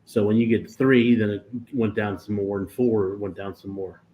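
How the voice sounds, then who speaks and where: A man's voice: fairly low pitch, fairly even intonation, normal speed. A man chatting casually on a livestream, rambling and correcting himself as he explains cruise internet plans. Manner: rambling, self-correcting storyteller. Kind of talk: casual chat. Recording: dull lo-fi stream audio with faint noise.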